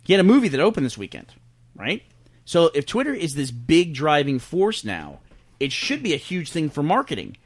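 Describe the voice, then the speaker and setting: A man co-hosting a podcast, chatting casually and telling animated stories about movies and box office numbers. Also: fairly high pitch, normal speed. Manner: animated storyteller, breaks down numbers. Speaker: podcast host. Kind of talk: casual chat.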